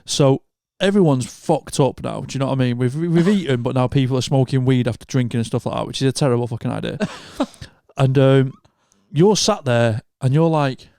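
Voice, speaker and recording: A man's voice: medium pitch, moderate pace, creaky, no room sound, clean studio sound. A man, co-hosting a podcast, telling a long drinking anecdote in casual chat, swearing freely and acting out quotes. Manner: animated storyteller, swears freely, acts out quotes. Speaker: podcast co-host.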